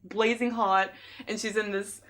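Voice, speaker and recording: A woman's voice: mid-range voice, unhurried. A young woman from San Diego, chatting casually on a live stream, telling stories with lots of laughter and acted-out dialogue. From San Diego, USA. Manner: chatty storytelling, laughs often, lively quoted dialogue. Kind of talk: casual chat.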